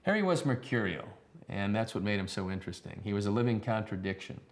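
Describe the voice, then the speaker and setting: A man's voice: fairly low pitch, animated, fast talker. A man telling anecdotes in an interview about a former broadcast partner, acting out both sides of the dialogue in a wry way.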